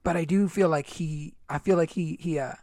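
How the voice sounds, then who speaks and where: A man's voice: a little high, fairly even intonation, normal speed, mellow, no room sound. A young man telling a personal story in a rambling casual chat, full of "like" and "dude.".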